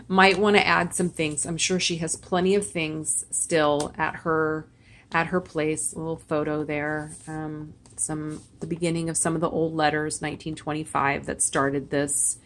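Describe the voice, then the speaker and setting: Woman in her sixties, low voice, chatty, sentimental, rambling asides, craft vlog. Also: little pitch movement, unhurried, fairly bright tone, a little hiss or hum. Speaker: crafter showing her handmade memory book. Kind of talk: casual show-and-tell vlog.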